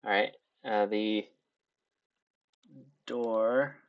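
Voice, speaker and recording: Low-voiced man hesitantly running a game. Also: steady tone, very slow, no echo, dull audio. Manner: hesitant, lots of ums and restarts. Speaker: game master. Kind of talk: narrating a tabletop game.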